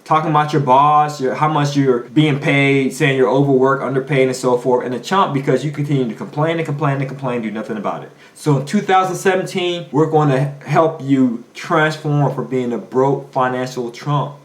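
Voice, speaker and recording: A man's voice: medium pitch, normal speed, few pauses, roomy sound. A man giving a motivational finance talk as a coach, emphatic and preachy, firing off rhetorical questions. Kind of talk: motivational monologue.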